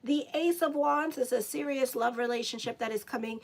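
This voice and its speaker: A woman with a somewhat high voice gives a casual live tarot reading. She talks loosely and conversationally, drifting into asides to her audience and her cat before returning to the cards. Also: brisk, gravelly. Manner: chatty, breaks off into asides to viewers and her cat. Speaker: astrologer and tarot reader.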